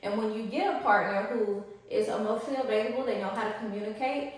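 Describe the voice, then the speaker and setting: Slangy, animated woman coach with a fairly high voice, heavy room echo. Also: fast, far from the mic. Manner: animated, slangy, acts out high-pitched quotes. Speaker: spiritual life coach. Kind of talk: casual teaching to camera. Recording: very echoey room.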